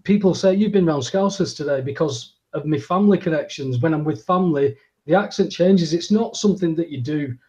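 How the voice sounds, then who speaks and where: A man's voice: a little high, fairly quick, hardly any pauses, warm tone. A man with a Leigh accent, co-hosting a podcast in an easygoing, casual chat. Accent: Leigh, northwest England. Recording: muffled lo-fi audio.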